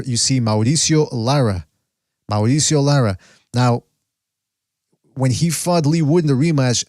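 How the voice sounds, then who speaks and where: This man hosts a casual podcast, wandering through his thoughts, hunting for names, and starting sentences over. His voice is mid-range for a man and a little mellow, captured dry with no echo or room sound.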